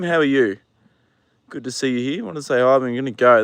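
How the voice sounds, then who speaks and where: A young man from New Zealand talks casually on a livestream from a horse paddock, his voice sitting at an everyday middle pitch. He is relaxed and chatty, drops the odd swear word, and softens to coo at his horse between viewer comments. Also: fast talker, smooth, dry recording.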